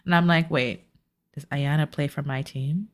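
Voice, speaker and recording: A woman's voice: low voice, moderate pace. A woman co-hosting a podcast who recaps a reality show in casual chat, ranting and acting out what people said. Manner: animated, acts out quotes, rants. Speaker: podcast co-host.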